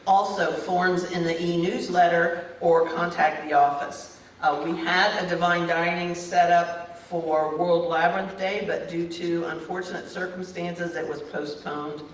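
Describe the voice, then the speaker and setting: A woman's voice: lowish voice, steady tone, unhurried, hardly any pauses, slight background noise. Upbeat woman in an echoey hall. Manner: upbeat, enthusiastic. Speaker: church practitioner giving announcements. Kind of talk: casual announcements. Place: church meeting hall. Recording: echoey hall, mic at a distance.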